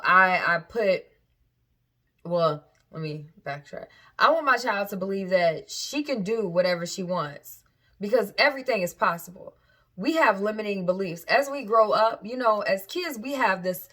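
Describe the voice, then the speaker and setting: A woman's voice: mid-range voice, fairly bright tone. A woman vlogger and parent talking casually to camera, candid and frank, often stopping to backtrack and restart.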